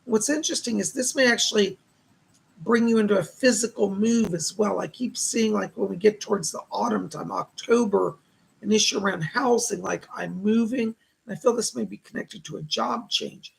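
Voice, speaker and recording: A man hosting live psychic readings, thanking donors and relaying spirit messages in a slightly hoarse voice. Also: high voice, moderate pace, low-quality recording. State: hoarse, voice going. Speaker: psychic medium host.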